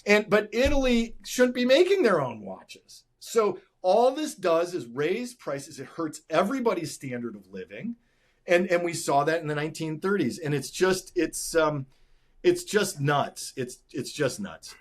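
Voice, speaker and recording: A man's voice: high-pitched, normal speed. A man co-hosting a podcast, explaining a point in casual political chat. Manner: explanatory, animated. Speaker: podcast co-host.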